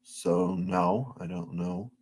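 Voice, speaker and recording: A man with a fairly low voice chats loosely on a live stream. He curses freely and rambles, often breaking off and restarting his sentences. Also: slow, breathy edge. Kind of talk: casual live-stream chat.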